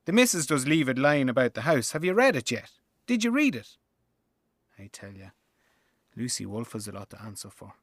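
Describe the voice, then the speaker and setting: A man plays a young Irish father who is worn out by bedtime battles. He grumbles to the audience in a chatty, exasperated way, and his pitch jumps all over the place. The sound is close and dry. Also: very animated, moderate pace, pauses often, fairly bright tone, dry recording. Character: exasperated young Irish dad, mocked as "the club". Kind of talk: theatrical monologue.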